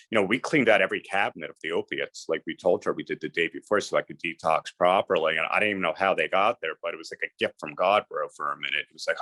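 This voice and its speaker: A man's voice: sits low, a bit bright, no room sound. A middle-aged man from New Jersey, a guest telling his life story in earnest, emphatic, casual talk. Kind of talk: candid storytelling interview.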